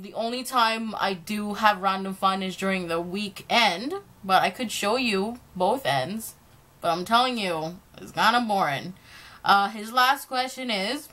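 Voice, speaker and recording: A woman's voice: medium pitch, a bit bright. A young woman answering fan questions in a casual vlog, chatty and self-deprecating, often breaking into laughter.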